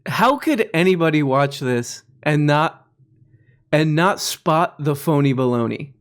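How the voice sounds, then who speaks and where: A man's voice: fairly high pitch, lively intonation, a little slow. Sarcastic man reacting to clips. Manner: sarcastic, mocking, laughs often. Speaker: commentary host.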